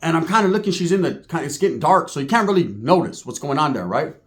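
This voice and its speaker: Speaking quickly in a slightly high voice, a man tells a funny story in a casual, profane way. He animatedly acts out people's quotes.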